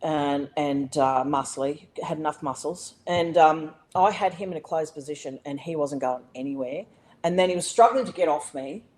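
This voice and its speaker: A middle-aged Australian woman, a podcast guest, tells a personal story in casual conversation, animated and blunt, swearing freely with lots of fillers and restarts. Her voice sits low at a moderate pace, and the audio is poor.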